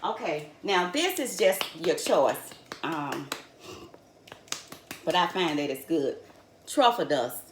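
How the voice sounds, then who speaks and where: A woman's voice: sits low, lively intonation, takes it slowly, long pauses, background noise. An older woman, chatting folksily through a home cooking demonstration and calling her viewers honey and y'all. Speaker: home cook host. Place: home kitchen. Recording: echoey kitchen with cookware clatter.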